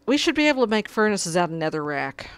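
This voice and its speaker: A woman's voice: medium pitch, sing-song, fast, smooth, dry recording. A woman giving casual gameplay commentary, muttering to herself and pleading with her cat at her desk. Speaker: gamer.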